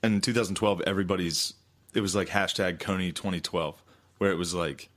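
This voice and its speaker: A young man with a fairly low voice talks casually on a podcast. His delivery is crude and laid-back, and he drops into mocking put-on quotes as he tells stories. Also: fairly even intonation, fairly quick, fairly bright tone. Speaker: podcast co-host, comedian. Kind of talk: casual chat.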